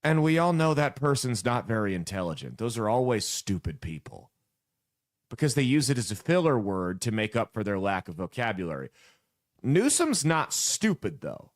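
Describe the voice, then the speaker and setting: A man's voice: medium pitch, very animated, moderate pace. A man from the American Midwest delivers casual political commentary in a blunt, sarcastic way. His voice rises and falls a lot as he talks.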